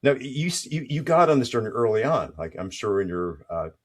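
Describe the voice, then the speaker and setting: A man hosting an interview, affirming often and asking questions with halting restarts. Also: mid-range voice, very animated. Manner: affirming, with frequent short yeses and halting restarts. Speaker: interview host. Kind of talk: interview conversation.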